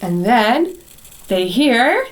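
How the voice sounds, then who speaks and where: A young woman teaching English to small children, slowly reading a picture story and asking them questions. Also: a little high, very animated. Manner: slow, sing-song and encouraging, with questions to the children. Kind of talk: slow storybook reading lesson for kids.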